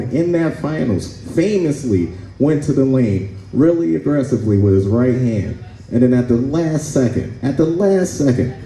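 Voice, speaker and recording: A man's voice: mid-range voice, mellow. A man performing a profane, rambling stand-up comedy set, telling stories and acting out the other people in them, on a club stage with a handheld mic. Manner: profane, rambling storytelling with acted asides. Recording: roomy club sound, faint ambience.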